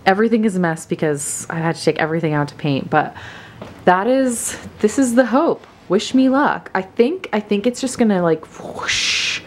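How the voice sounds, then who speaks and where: Painting her living room late at night, a homestead vlogger murmurs her thoughts in a lowish voice, peppering them with "like." Slight background noise can be heard.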